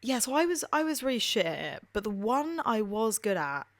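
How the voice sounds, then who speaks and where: Brisk and pitched on the high side with big swings, this posh southern English woman in her twenties co-hosts a podcast. In casual conversation she tells stories chattily, laughing frequently and swearing casually.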